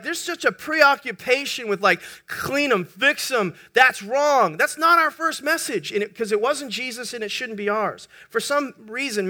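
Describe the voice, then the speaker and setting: A male pastor preaching a sermon in an animated way, joking with his congregation. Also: high voice. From United States.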